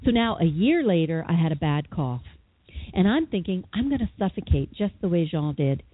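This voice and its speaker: A woman guest, a psychotherapist and author, telling a personal story with lively, dramatic quoted voices in an interview. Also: on the low side, moderate pace, breathy edge, dry recording. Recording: tinny phone line.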